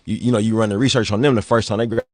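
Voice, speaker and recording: A man's voice: lowish voice, steady tone, no echo, studio quality. Man with a thick Oakland accent. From Oakland, California. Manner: halting, repeats words, many "you know what I mean". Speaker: guest speaker. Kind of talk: clip of a casual panel talk.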